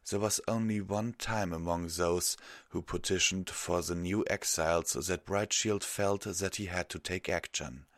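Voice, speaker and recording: Deep-voiced man narrating a story. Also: no room sound, studio quality. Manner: measured, even storytelling. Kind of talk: audiobook reading of fan fiction.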